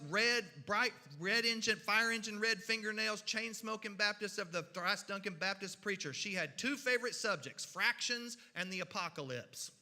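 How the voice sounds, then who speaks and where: A man, telling humorous stories at a church event in a folksy, animated way. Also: high-pitched, long reverb tail. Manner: folksy, animated, with drawn-out pauses. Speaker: storyteller. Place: church hall.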